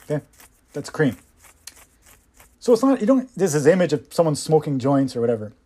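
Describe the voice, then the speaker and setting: A man's voice: a little high, big pitch swings, moderate pace, mellow. A man hosting his own podcast, giving impassioned, sarcastic solo commentary with mocking asides. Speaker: podcast host.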